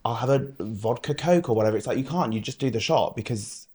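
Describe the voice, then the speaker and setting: A British man talking as a guest in a casual interview, chatty and animated, laughing often and slipping into other people's voices. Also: medium pitch, quick pace, husky. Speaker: guest drag performer.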